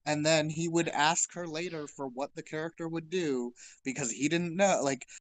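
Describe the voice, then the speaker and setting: A man's voice: a little high, steady tone, normal speed, poor audio. A man chatting casually about a film, curious and retelling behind-the-scenes anecdotes. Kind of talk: casual movie chat.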